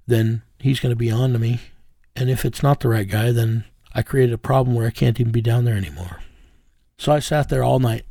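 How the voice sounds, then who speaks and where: Gravelly man telling a casual true story. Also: mid-range voice, warm tone, no room sound. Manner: plain-spoken, drawling, folksy phrasing. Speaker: investigator recounting a case. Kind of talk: casual first-person storytelling.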